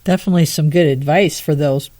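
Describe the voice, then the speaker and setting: A woman's voice: sits low, fast talker, mellow. A woman podcast host asking friendly, encouraging questions in a casual interview.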